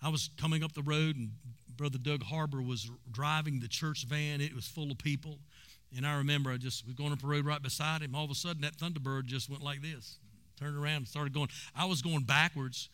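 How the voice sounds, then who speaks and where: A man's voice: fairly high pitch, steady tone, brisk, fairly bright tone, clean tone. A man preaching a sermon and telling stories with emphasis. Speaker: pastor.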